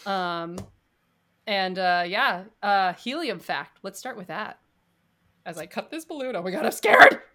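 A woman co-hosts a relaxed podcast chat. Her voice is bright and forward. She talks in a chatty, giggly way and fills gaps with ums and uhs. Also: mid-range voice, a little slow. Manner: chatty, giggly, lots of fillers. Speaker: podcast co-host.

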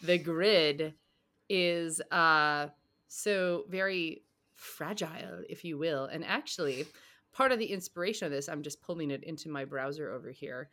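Bright-voiced tired woman podcast host. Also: sits low, moderate pace. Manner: laughs often, chatty and rambling. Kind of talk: casual chat.

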